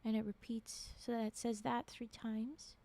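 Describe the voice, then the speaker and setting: A woman's voice: a little high, flat delivery, unhurried, mellow. A woman reading horror stories aloud on a stream, often breaking off to react and comment.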